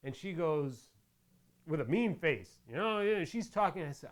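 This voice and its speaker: A man's voice: on the high side, big pitch swings, moderate pace. A middle-aged man hosting a crafting tutorial, chatting casually and rambling into jokes while he works with his hands. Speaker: crafting channel host.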